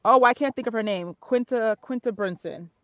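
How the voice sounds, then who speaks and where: Woman guest, voiceover artist, halting and reflective, dry close sound. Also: fairly high pitch, dry recording. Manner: thoughtful, halting, many fillers. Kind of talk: casual podcast interview.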